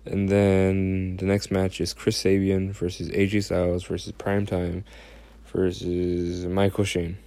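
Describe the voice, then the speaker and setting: A man's voice: low voice, monotone, measured pace, dark tone, dry recording. A young man casually recapping a wrestling episode, rambling, swearing a lot and laughing often. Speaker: podcast host.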